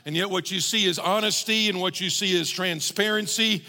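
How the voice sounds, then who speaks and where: A male pastor delivers a sermon in a slightly higher-pitched voice with a gravelly texture. He sounds earnest and grows more emphatic as he presses his points. A long reverb from a large hall trails after his words. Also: fairly even intonation, normal speed, bright, forceful tone. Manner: earnest, building to emphatic preaching.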